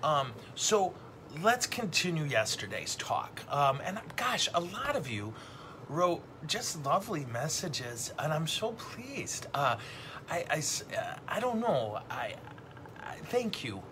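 A man's voice: a little high, very animated, slow, background noise. A middle-aged man, a Catholic priest, hosting a casual livestream teaching and rambling along with self-deprecating jokes.

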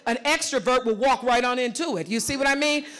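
A woman's voice: high voice, a bit bright. A woman leading a live workshop on a conference stage, giving emphatic, direct instructions and calling on the audience. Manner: emphatic, repeats words in quick bursts. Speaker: workshop facilitator. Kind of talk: live coaching session on stage.

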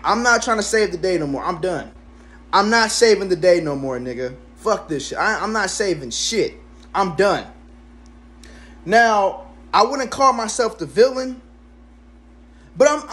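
A man in his twenties telling a casual storytime rant at home, swearing constantly and jumping into sudden high exclamations. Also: fairly bright tone. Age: 20s. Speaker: vlogger.

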